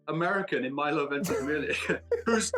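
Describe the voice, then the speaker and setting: Brit guy being interviewed, joking around about himself, slightly high voice, some soft music behind. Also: expressive. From Britain. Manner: jokey, self-mocking, quick asides. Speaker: actor guest. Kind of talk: casual interview chat.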